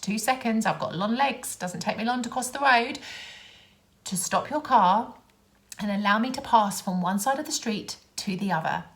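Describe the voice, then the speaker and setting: Sarcastic Londoner woman ranting. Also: mid-range voice. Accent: London English. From London, England. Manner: exasperated, sarcastic, animated storyteller. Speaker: vlogger. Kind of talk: casual ranting vlog.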